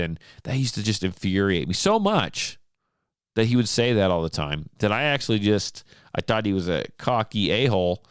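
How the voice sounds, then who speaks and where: A man hosting a podcast, telling a story in casual monologue, animated and exasperated, often restarting his sentences. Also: on the low side, normal speed, clean tone, no room sound, clean studio sound. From United States. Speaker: podcast host. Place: home studio.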